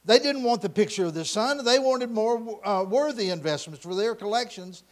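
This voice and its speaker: A man telling a story dramatically, swinging between loud passages and hushed ones. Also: high voice, animated, moderate pace.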